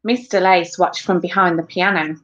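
A woman teacher reading a children's book aloud in a slow, expressive storytelling manner, in a dull lo-fi recording. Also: lowish voice. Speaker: primary school teacher.

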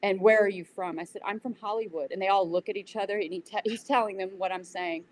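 Woman interview guest, animated storyteller, acts out quotes, mid-pitched voice. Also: fast talker, a little hiss or hum, poor audio. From United States. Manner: animated retelling with acted-out quotes. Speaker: interview guest, yoga teacher. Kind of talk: casual storytelling.

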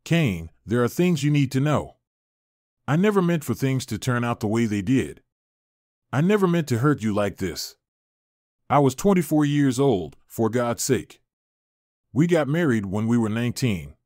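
A man's voice: medium pitch, very animated, normal speed, darkish tone, no room sound, studio quality, close to an everyday voice. A man reading the lines of a young estranged wife, heated and pleading, in a story reading. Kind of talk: audiobook character reading.

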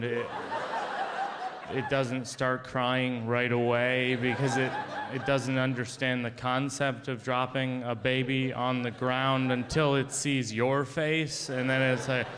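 A man telling a long comic story on stage, with a dry, wry, deadpan delivery. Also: medium pitch, a little hiss or hum. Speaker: comedian. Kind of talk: stand-up storytelling.

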